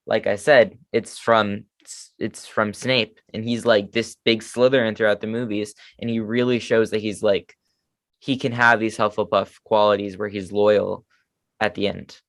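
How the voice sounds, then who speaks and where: A man's voice: on the low side, flat delivery, normal speed, no room sound, clean studio sound. A man co-hosting a casual fan podcast, chatting enthusiastically and poking fun at himself. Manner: enthusiastic fan talk, self-deprecating. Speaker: podcast co-host. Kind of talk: casual chat.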